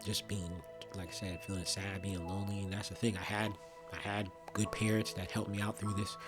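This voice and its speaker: A young man speaking earnestly and reflectively about his own experience, with frequent pauses and restarts. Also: on the low side, flat delivery, music in the background. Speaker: vlogger. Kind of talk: personal testimony monologue.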